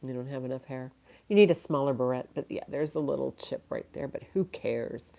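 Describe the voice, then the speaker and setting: A woman's voice: extremely low pitch, brisk, creaky, warm tone. A woman running a casual live-stream auction, chatty and thinking aloud, laughing often and a little tired. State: tired, yawning.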